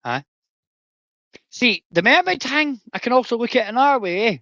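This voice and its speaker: Sweary Scottish man ranting forcefully. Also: very high-pitched, expressive, normal speed, dry recording, lo-fi sound. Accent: Scottish, Edinburgh. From Scotland. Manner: profane, confrontational, storytelling. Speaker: streamer, former soldier. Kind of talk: ranting livestream monologue.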